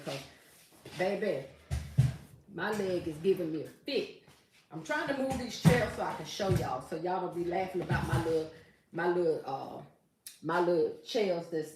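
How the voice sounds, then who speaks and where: A woman's voice: fairly low pitch, a little hiss or hum. A woman hosting a casual live stream from home, chatting with viewers and reading their comments aloud as she talks about her gift basket making. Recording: roomy echo.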